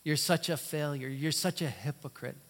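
A man voicing the enemy as a taunting male spirit, speaking slow, low accusations in a church. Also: a bit bright.

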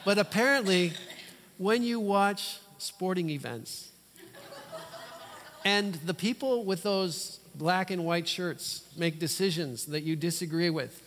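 A male pastor preaching a sermon in a church, emphatic, with dramatic pauses and sudden loud bursts. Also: high-pitched, long reverb tail, a little hiss or hum.

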